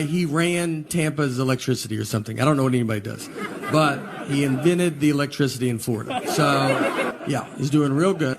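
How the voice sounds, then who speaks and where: A man with a Southern US accent doing a stand-up comedy set, telling stories in a slow, deadpan way with trailing pauses. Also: on the high side. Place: comedy stage with live audience. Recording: noisy live audience recording.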